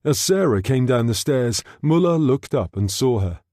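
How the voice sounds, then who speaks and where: Male audiobook narrator, steady, measured, dark mellow tone, dry close sound. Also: medium pitch, no echo. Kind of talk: scripted narration.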